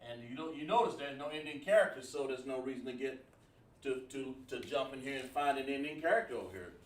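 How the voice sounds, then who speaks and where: A man's voice: mid-range voice, lively intonation, fast. A man teaching a class at a board, explaining word by word with many fillers and repetitions. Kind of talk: classroom lesson. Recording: echoey room from far off.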